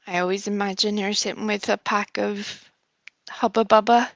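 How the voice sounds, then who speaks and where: A woman's voice: fairly high pitch, takes it slowly, pauses often, dry recording, highs cut off. A woman hosting a livestream, greeting viewers by name in a chatty, giggly, affectionate way. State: a bit nervous. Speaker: livestream host. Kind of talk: casual chat greeting viewers.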